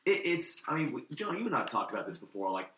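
A man co-hosting a casual book discussion podcast. He talks in an animated way and acts out quoted lines with sudden jumps in pitch. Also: quick pace. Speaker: podcast co-host. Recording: roomy echo.

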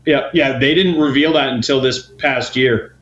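A man's voice: mid-range voice, normal speed, fairly bright tone, slight background noise. Easygoing man on a roomy, dull recording. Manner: easygoing, agreeable, many short backchannels. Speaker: podcast co-host. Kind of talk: casual chat.

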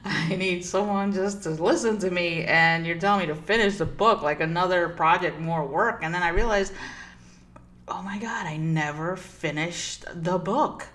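Woman, low voice, spiritual coach, earnest reflective storytelling, soft laughs. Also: moderate pace, hardly any pauses. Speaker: spiritual coach and podcast host. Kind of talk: personal storytelling monologue.

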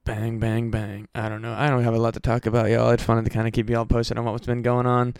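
Worn-out podcast host, a man from the Midwest, flat delivery, very clear dry sound, loose and profane. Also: medium pitch, quick pace, dry recording. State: very tired. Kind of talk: casual solo podcast chat. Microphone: home podcast mic.

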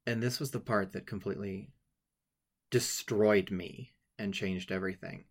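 A man with a fairly low voice speaks haltingly, stumbling over his words and restarting often. He is tearful as he shares a personal story, and he guides listeners through a writing exercise. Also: fairly even intonation. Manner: halting, emotional, many restarts. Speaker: writing workshop leader.

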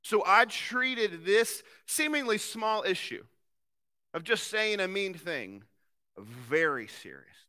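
A male pastor in his thirties delivers a sermon in a bright, forward voice that sits a little high for a man. He preaches with earnest conviction, pressing hard on some lines and dropping to near-hushed softness on others. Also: big pitch swings, slow. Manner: earnest, swinging from forceful to very soft.

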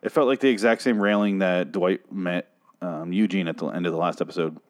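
A man's voice: low-pitched, fairly even intonation, fairly quick. A man recapping a TV episode in a rambling, sarcastic, heavily profane comedic style. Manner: rambling, sarcastic, swears a lot. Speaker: podcast host recapping a TV episode.

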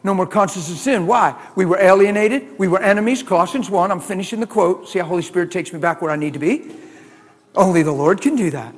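A man preaching a sermon, animated, with shouted exclamations and laughing asides. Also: high-pitched, quick pace, in a large hall, a faint crowd.

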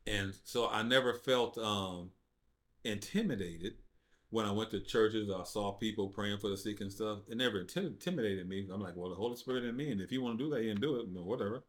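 A man telling his faith testimony as a podcast guest, in casual, informal speech, acting out quotes with big swings in his voice. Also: fast talker. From United States. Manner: animated storyteller, acts out quotes with big jumps in pitch; informal speech with dropped verbs. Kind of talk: casual storytelling conversation.

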